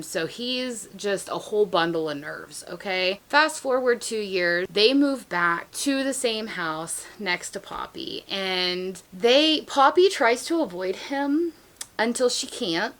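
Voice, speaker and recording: A woman's voice: medium pitch, fairly bright tone. A young woman chatting casually as a book vlogger, gushing and laughing often as she reviews her favorite reads.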